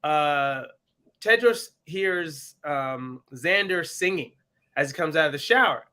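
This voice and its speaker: A man co-hosting a podcast, recapping a TV episode in casual, animated chat and slipping into voices for the characters. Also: fairly high pitch, slow pace. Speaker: podcast co-host.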